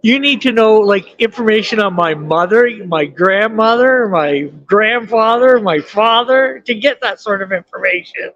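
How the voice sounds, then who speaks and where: A chatty man in his fifties with a high-pitched voice. He talks loosely and laughs a lot. The recording sounds dull and lo-fi. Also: a little slow, few pauses, fairly bright tone. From Canada. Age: 50s. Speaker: streamer. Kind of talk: casual live-stream chat. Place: indoor bus station waiting area.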